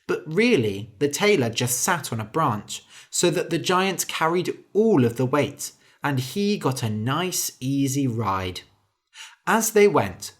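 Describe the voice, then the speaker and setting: Casting: patient storybook narrator for learners, slow and clear with a lively, varied voice. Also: medium pitch.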